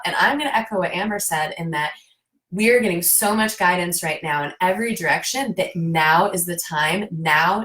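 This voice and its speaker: Emphatic, urgent woman guest, bright tone. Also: lowish voice, normal speed. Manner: emphatic and urgent, repeats words for stress. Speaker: guest on a live stream. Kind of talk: casual live-stream chat. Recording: roomy echo.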